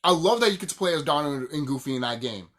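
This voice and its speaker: A man's voice: on the high side, expressive, fast, a bit bright. Heated, swearing young man ranting. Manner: heated, profane, laughs often, repeats himself. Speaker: YouTuber ranting about games. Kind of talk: casual profane rant.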